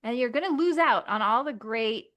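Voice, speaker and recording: Bright, bubbly woman podcast guest. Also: a little high, moderate pace. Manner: lively, acts out inner voices. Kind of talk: casual podcast conversation.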